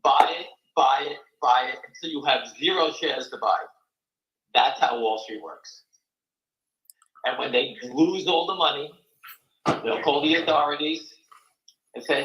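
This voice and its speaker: A man's voice: medium pitch, unhurried, pauses often, reverberant, lo-fi sound. An older man hosting a live stock market talk show, blunt, folksy and rambling.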